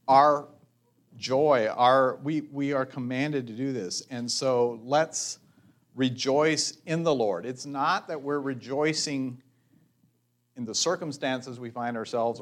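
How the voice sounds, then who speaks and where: Man, pastor, sermon, measured, reflective, mid pitch. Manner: measured, thoughtful, reflective asides.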